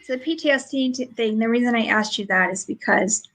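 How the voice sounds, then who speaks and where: A talkative woman hosting a podcast from home over a remote stream. Her voice sits a little high, and she rambles through stories with frequent laughs in a relaxed, casual chat. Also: a little fast, poor audio. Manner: chatty storyteller, laughs often. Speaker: podcast host.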